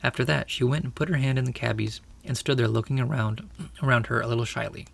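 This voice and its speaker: A man narrating a storybook aloud with steady, expressive storytelling. His voice is gravelly and sits at a middling pitch. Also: quick pace. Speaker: audiobook reader.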